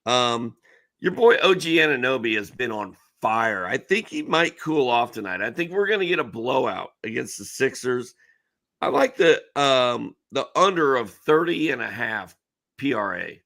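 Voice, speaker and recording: A man's voice: mid-range voice, sing-song, normal speed, creaky, a bit bright. A man co-hosting a fantasy basketball betting show, laid-back and confident in casual chat. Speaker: co-host.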